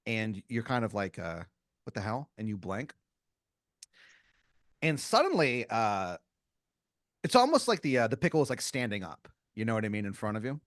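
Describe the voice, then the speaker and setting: A man's voice: lowish voice, sing-song, normal speed, long pauses, dry recording, clean studio sound. A man co-hosting a comedy podcast, spinning an improvised second-person story in a rambling way, full of fillers and restarts. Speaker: podcast co-host.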